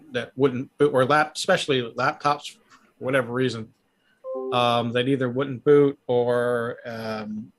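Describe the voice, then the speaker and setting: A man's voice: medium pitch, a bit bright, slight background noise. A man co-hosting a casual live tech stream, explaining repairs in plain practical terms. He speaks hesitantly and often restarts his sentences.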